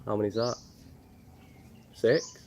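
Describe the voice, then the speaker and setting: Casting note: laid-back man, lowish voice, jokey travel vlogger, faint outdoor birdsong behind. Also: steady tone, slow, muffled recording, noisy background. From Northern England. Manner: chatty, jokey, reading viewer questions aloud. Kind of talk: casual livestream chat. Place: outdoors in Thailand with birds and geckos around.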